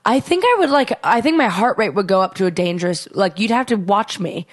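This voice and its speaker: A young woman co-hosting a podcast in casual chat, telling stories with animated energy and acting out what people said. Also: medium pitch, fairly quick. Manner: animated storytelling, acts out voices in quotes. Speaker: podcast co-host.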